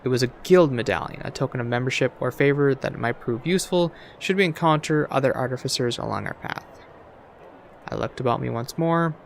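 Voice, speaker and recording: A man's voice: medium pitch, brisk, creaky, slight background noise. A man reading a story game aloud while playing, stumbling over words and adding asides. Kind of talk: let's play reading aloud.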